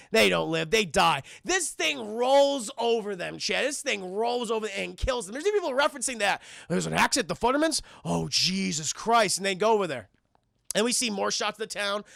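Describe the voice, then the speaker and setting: A young man recaps a film for his live-stream chat, swearing often and wandering off into asides. His voice sits high and gravelly, with a bright, forceful edge. He sounds close to a dry desk mic. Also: dry recording. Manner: profane, rambling, constantly addressing chat.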